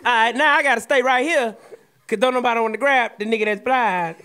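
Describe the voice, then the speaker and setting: High, bright-voiced comedian with a Southern accent. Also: male voice, brisk, clear, resonant tone. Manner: animated, swings between yelling and mumbling, profane. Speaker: comedian co-host. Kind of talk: loud comedic riffing.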